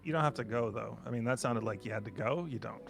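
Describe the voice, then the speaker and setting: A Canadian man co-hosts a podcast, lively and jokey as he chats casually and shares trivia. His voice is medium-pitched, quick and creaky.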